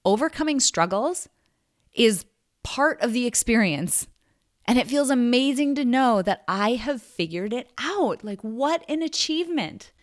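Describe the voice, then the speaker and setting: A woman's voice: fairly high pitch, expressive, unhurried, no room sound, studio quality. A woman hosting a solo podcast, talking in an earnest, reflective way with emphatic stresses. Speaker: podcast host.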